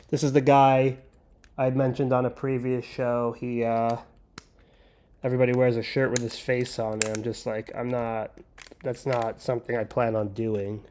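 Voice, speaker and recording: A man's voice: mid-range voice, a little mellow. A man hosting a livestream, chatting casually and joking while he builds. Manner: rambling, joking, talks while handling pieces. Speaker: livestream host.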